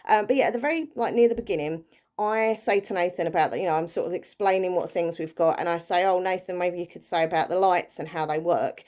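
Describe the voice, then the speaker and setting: A woman recapping a ghost hunt in a casual vlog, chatty and excitable, with lots of fillers and restarts. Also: fairly low pitch, fast talker. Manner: earnest and excitable. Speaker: paranormal vlogger.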